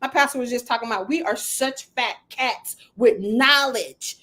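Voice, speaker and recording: Woman podcast host, middle-aged, high-pitched, lively and emphatic, motivational chat. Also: normal speed. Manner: animated, laughs often, acts out quoted voices; emphatic, repeats phrases for effect. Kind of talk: casual motivational podcast talk.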